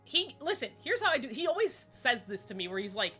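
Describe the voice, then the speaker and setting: A woman's voice: fairly high pitch, sing-song, quick pace, hardly any pauses, pushed and bright, breathy edge, faint music behind. A woman chatting casually while streaming a game, rambling and laughing often. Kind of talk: casual live-stream gaming chat.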